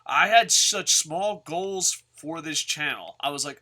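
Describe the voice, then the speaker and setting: A man's voice: on the high side, expressive, measured pace, few pauses, sharp tone. A man hosting his own channel, talking casually and rambling with frequent stammers and restarts. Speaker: channel host. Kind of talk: casual monologue.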